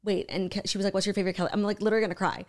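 A woman's voice: mid-range voice, very fast. Chatty woman retelling a true crime story. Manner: animated, swearing, acts out quotes. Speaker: podcast co-host. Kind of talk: casual chat, retelling a true crime documentary.

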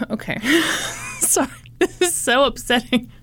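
A woman's voice: high-pitched, lively intonation, takes it slowly, a bit bright, slightly rough. A woman co-hosting a podcast, telling a true-crime story casually with sarcastic, laughing asides and swearing.

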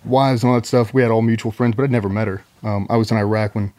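A middle-aged military veteran telling a long story in a loose, profane way, full of ums and likes. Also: male voice, on the low side, fairly even intonation, fast, darkish tone. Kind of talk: casual storytelling.

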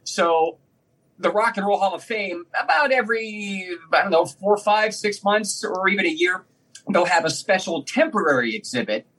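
Husky, high-voiced man telling stories. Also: moderate pace, rough recording. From Northeast Ohio. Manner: animated storyteller, laughs often. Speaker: guest, former radio DJ and performer. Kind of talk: casual conversation, storytelling.

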